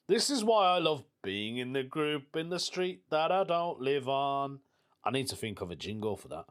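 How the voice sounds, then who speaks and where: British male podcast host, mid pitch, animated delivery, chatty and playful. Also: moderate pace, smooth. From United Kingdom. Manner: chatty, jokey, animated, laughs often. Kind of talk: casual solo podcast chat.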